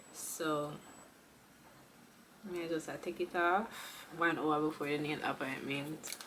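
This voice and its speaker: A woman's voice: on the low side, fairly bright tone, a little hiss or hum. A young woman, chatting casually and with slang to her viewers in a beauty vlog. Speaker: beauty vlogger.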